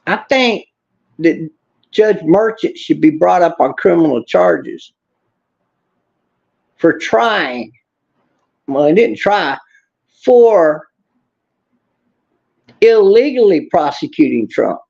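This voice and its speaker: Guy on a livestream, gravelly, blunt, cusses at chat, muffled lo-fi sound. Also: on the high side, lively intonation, slow pace, pauses often, a little mellow. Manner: blunt, angry, swears, talks back to chat. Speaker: livestream host reading chat. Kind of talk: casual political livestream rant.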